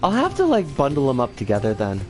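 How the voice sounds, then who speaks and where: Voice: huge pitch swings, fast, faint music behind. A game streamer chatting casually over gameplay and greeting viewers by name. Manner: chatty, greets viewers warmly, swings pitch a lot. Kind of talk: casual live game commentary.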